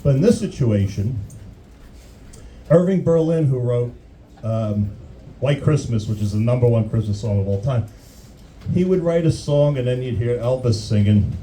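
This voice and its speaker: A man's voice: medium pitch, normal speed, pauses often, warm tone, slight background noise, poor audio. A man doing a crude, rambling stand-up comedy routine, often restarting his sentences. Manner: rambling, crude, self-interrupting.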